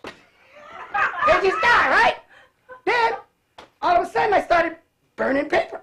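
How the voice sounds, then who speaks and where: A man from Cleveland who grew up in California, a guest telling animated stories with frequent laughter. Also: very high voice, takes it slowly, pauses often, a little hiss or hum. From Cleveland, raised in California. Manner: animated, laughs often, acts out voices. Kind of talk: casual storytelling.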